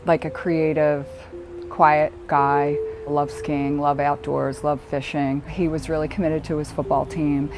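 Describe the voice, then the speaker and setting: A middle-aged woman, a bereaved mother, telling her story in a halting, reflective way with pauses. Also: deep voice, little pitch movement. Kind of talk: personal documentary testimony. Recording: music playing underneath. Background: soft background music.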